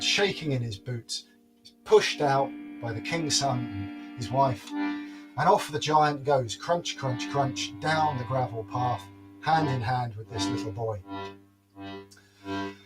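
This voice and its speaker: A man's voice: medium pitch, lively intonation, slow, over music. A man telling a folk tale aloud in a playful, wry, dramatic way. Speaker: storyteller. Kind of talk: oral folk-tale storytelling.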